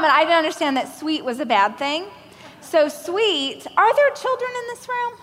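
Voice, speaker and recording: A woman from Oklahoma giving a keynote on stage, telling a self-mocking story in an animated way and acting out the voices of other people. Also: high voice, normal speed. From Oklahoma, United States. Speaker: motivational speaker giving a keynote. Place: large hall at a live event. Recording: live hall with long reverb, faint noise.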